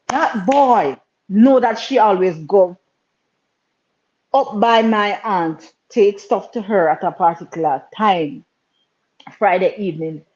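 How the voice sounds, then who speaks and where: A woman's voice: medium pitch, darkish tone. A woman with a Jamaican accent, co-hosting a casual live-stream chat and telling stories in patois, often repeating her words. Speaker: co-host. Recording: dull lo-fi stream audio.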